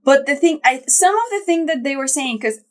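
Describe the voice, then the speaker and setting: A woman with a fairly high voice co-hosts a relaxed podcast. She thinks aloud as she goes, filling her talk with "like" and quick restarts. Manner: chatty, thinks aloud with many likes and restarts. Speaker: podcast co-host. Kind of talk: casual chat.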